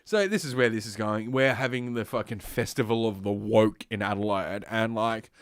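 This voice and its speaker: Speaking into a desk mic, an Australian streaming host rambles sarcastically through news stories, swearing freely and sniffling through a stuffed nose. His voice is lowish at a normal speed, with no echo.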